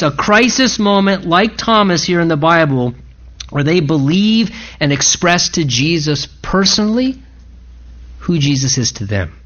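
A man's voice: a little high, a bit bright, dull audio. A man pastor giving an earnest, impassioned sermon in church, pleading with his listeners.

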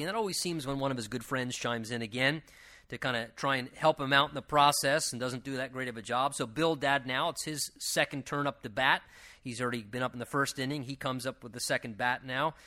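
Bright-voiced man teaching through scripture. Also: medium pitch. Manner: reads scripture slowly, then explains in loose conversational asides. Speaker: Bible teacher. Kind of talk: verse-by-verse Bible commentary.

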